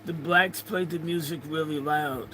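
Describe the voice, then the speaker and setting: A man's voice: mid-range voice, slow, vocal fry, sharp tone, a little hiss or hum, low-quality recording. A man hosting a casual livestream, rambling and joking as he reads out viewer comments. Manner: rambling, jokey, chatting to viewers. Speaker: livestream host.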